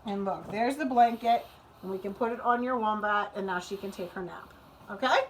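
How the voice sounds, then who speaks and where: A woman preschool teacher who talks to young children in a gentle, coaxing way and reads them a picture book aloud. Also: medium pitch, moderate pace, a little hiss or hum, rough recording.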